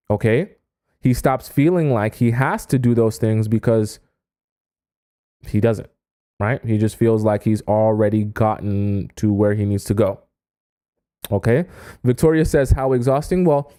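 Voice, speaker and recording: A man giving dating advice on a live stream, animated and often acting out quoted voices. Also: mid-range voice. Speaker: dating coach.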